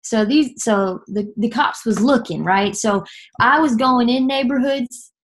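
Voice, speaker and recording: A woman's voice: on the high side, slight background noise. A young woman from Nashville, giving an earnest personal testimony that halts and restarts often. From Nashville, Tennessee. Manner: earnest, halting, many fillers and restarts.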